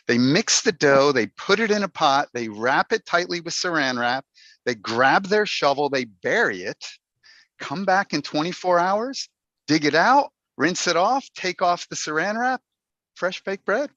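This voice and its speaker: A man's voice: on the high side, lively intonation, unhurried, fairly bright tone, no room sound. A man giving a playful, humorous talk to a Toastmasters club over a video call, putting on mock dismay as he goes. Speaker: Toastmasters speaker. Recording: dull, dry video call audio.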